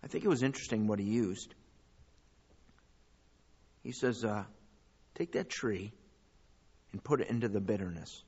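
A man preaching a sermon as pastor, rising to loud, high calls and dropping to quiet asides. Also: normal speed, long pauses, slightly rough, muffled recording. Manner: preaching with big swings in pitch and loudness.

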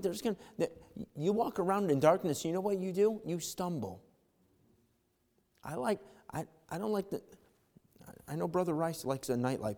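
A man preaching a fervent sermon as pastor, swinging from loud calls to quiet asides, in a church. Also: fairly high pitch, big-room sound.

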